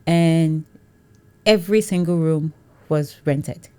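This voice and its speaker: A woman from Nigeria, an entrepreneur guest, telling her story in a casual interview with lively laughter and acted-out quotes. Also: low voice, slow pace, a crowd in the background. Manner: lively, laughs often, acts out what others said.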